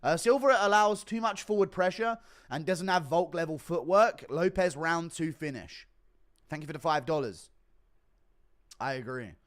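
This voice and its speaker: A man's voice: fairly high pitch, lively intonation, moderate pace. A young man hosting a live stream, reading donations and joking crudely between laughs. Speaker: streamer host.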